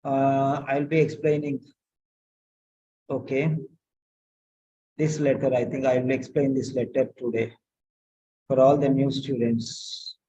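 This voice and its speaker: A man tutoring nursing students, correcting a written letter aloud, slow and repetitive, often asking pointed questions. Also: medium pitch, flat delivery, warm tone, highs cut off.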